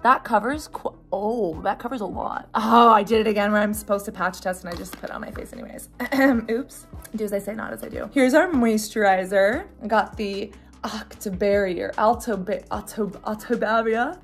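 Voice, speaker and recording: A young woman who is sick and congested, chatting excitedly in a casual unboxing vlog. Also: medium pitch, normal speed, soft background music. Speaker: beauty vlogger.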